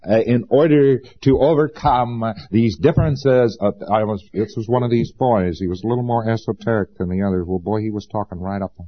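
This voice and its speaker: A man's voice: medium pitch, muffled recording. A man giving an informal lecture to students, folksy and sarcastic, hammering points home by repeating them. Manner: folksy and sarcastic, with emphatic repetition.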